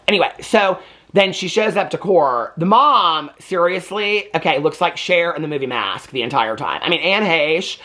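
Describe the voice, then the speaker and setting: A man's voice: fairly high pitch, animated, normal speed, sharp tone. A man giving a casual, rambling movie recap, full of "like" and acted-out quotes. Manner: rambling, chatty, heavy filler "like", acts out quotes. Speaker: movie reviewer.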